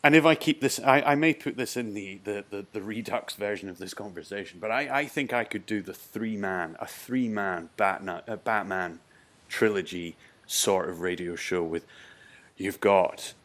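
A man's voice: fairly low pitch, normal speed, fairly bright tone. A man hosting a podcast, chatting in a jokey way with frequent restarts. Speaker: podcast host. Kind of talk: casual chat.

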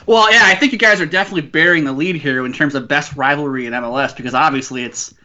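A man's voice: on the high side, fast talker, sharp tone, muffled recording. A man joking and laughing in a casual sports podcast chat, often unsure of himself. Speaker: podcast co-host.

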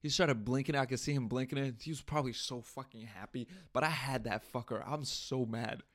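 A man's voice: medium pitch, fairly quick. A young man hosting a podcast, ranting in a casual comedic monologue, swearing and laughing at himself, recorded on a studio mic. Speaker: podcast host. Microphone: studio mic through audio interface.

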